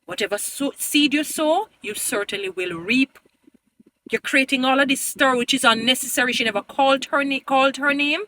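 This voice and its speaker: A woman vlogger talks straight to her followers in a high, bright voice. She argues emphatically and pleads with them, sliding into a preachy, sermon-like tone. Her delivery is insistent throughout. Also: moderate pace, slight background noise. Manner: addresses viewers as "beautiful people". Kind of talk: opinion commentary to camera.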